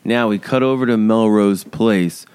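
A man's voice: fairly low pitch, unhurried, a little mellow, clean tone. A man co-hosting a casual recap podcast, laid-back with wry asides. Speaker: podcast co-host recapping a TV series. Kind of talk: casual chat.

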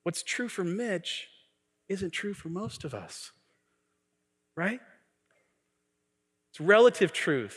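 A man's voice: high voice, animated, normal speed, pauses often, fairly bright tone, slightly rough, big-room sound. A man preaching a sermon as a pastor, mixing humor and acted-out quotes. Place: church sanctuary.

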